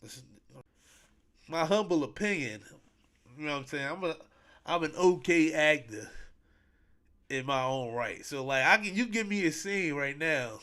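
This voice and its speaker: A man with a slightly higher-than-usual voice hosts a podcast on his own. He chats casually and rambles, repeating himself and leaning on slang and fillers. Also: expressive, measured pace, long pauses, sharp tone. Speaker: podcast host. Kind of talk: casual solo podcast chat.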